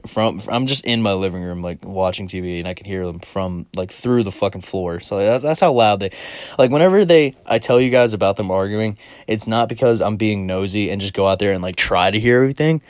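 A man's voice: lowish voice, brisk, dry recording. Rambling, profane man telling stories. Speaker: podcast host. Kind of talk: casual storytelling chat.

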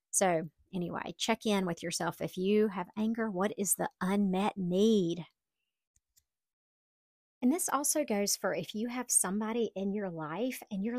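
With a mid-range voice and no room sound, a middle-aged podcast host talks on her own show, casual and candid, poking fun at herself.

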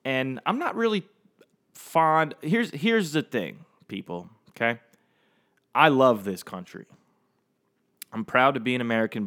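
A young man hosts a solo podcast in a loose, rambling monologue. He swears freely and talks straight to his listeners with animated energy. His voice sits at an ordinary middle pitch. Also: measured pace, pauses often. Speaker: podcast host.

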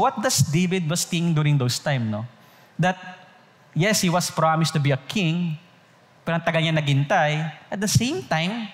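A man's voice: fairly high pitch, long reverb tail. A man with a Filipino accent preaching a sermon, checking in with his listeners after nearly every phrase and repeating himself. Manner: asks the group constant check-in questions, repeats phrases. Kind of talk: sermon in mixed Tagalog and English.

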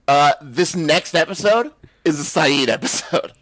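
A man's voice: a little high, lively intonation, unhurried, crowd noise. A man recapping a TV show on a podcast in a loose, casual way, with lots of fillers. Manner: loose, rambling recap full of "like" and "um". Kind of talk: casual chat.

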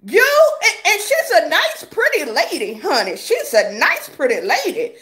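A woman's voice: high-pitched, wildly swooping pitch, moderate pace, pushed and bright. A woman vlogger giving sassy, laughing gossip commentary, calling viewers honey and baby.

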